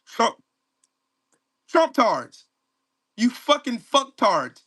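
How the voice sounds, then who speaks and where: Dude yelling at his livestream chat, swears nonstop, mocking, aave, high bright voice. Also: big pitch swings, drawn-out words, slightly rough. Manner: profane, mocking, confrontational. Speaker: livestream host. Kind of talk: angry political rant to live chat.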